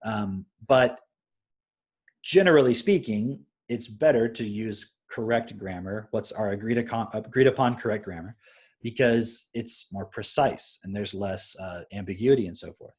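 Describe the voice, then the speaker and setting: A man's voice: lowish voice, moderate pace, a little mellow, slightly rough. A young adult man on a live stream, casually explaining his parenting approach through stories and often checking in with "right?".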